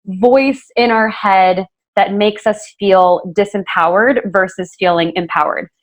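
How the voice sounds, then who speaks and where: A woman's voice: medium pitch, steady tone, measured pace. A woman hosting a podcast interview, talking in an earnest, casual way with many fillers and self-corrections. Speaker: podcast host interviewing a guest.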